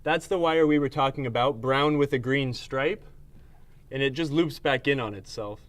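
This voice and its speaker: A man hosting a live stream, explaining a pinball repair quickly with lots of fillers, tired but energetic. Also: medium pitch. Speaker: pinball repair technician host. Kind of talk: live-stream technical chat.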